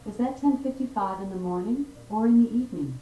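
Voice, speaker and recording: Synthetic female assistant, polite and even, mellow tone, roomy and distant from a smart speaker. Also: a little high, fairly quick, soft background music. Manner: even, polite, scripted replies.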